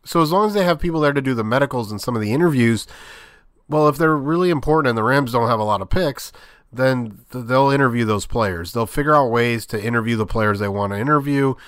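A man's voice: mid-range voice, fast, fairly bright tone, clean tone, dry recording, studio quality. A man hosting a sports podcast, talking through his views in a rambling, conversational way with lots of fillers. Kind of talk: casual sports commentary monologue.

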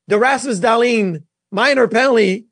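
A man with a high voice co-hosting a sports show, recorded dry and close. He tells hockey stories with animated energy. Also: moderate pace, creaky, husky, no echo. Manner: storytelling, animated. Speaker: co-host, former goalie. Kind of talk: casual sports chat.

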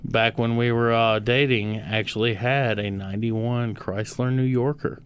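Smooth-voiced chatty man. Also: mid-range voice, fairly even intonation, a little slow. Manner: chatty, asks questions. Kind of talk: casual car chat.

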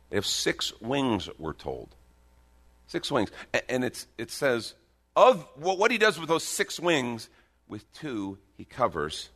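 A man preaching a sermon, emphatic and lively, swinging from soft, hushed moments to loud declarations with joking asides. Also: on the low side. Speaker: pastor.

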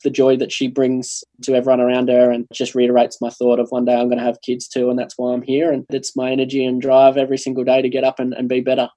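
A man, a guest in a casual podcast interview, speaking earnestly with halting restarts. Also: medium pitch, completely flat delivery, warm tone.

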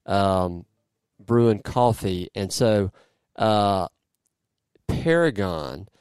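A fairly low-voiced man hosts a laid-back podcast. His voice is smooth and clean, recorded dry and close with no room sound. He jokes easily and wanders through his sentences while he searches for words. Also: extremely slow, a little mellow, no echo. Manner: jokey, rambling, searches for words. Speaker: podcast host. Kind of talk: casual podcast chat and interview.

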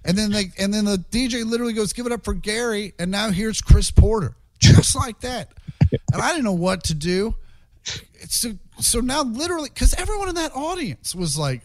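A man, a stand-up comedian, telling road stories in a casual chat. He is profane and animated and acts out the quotes. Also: sits high, normal speed, no echo.

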